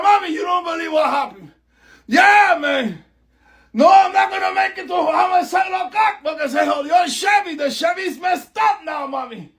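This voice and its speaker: Comedian doing a hot-tempered middle-aged city driver, high, gravelly, yelling nonstop. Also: male voice. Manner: shouting, ranting into a phone, slips into Spanish words. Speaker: comedy skit character.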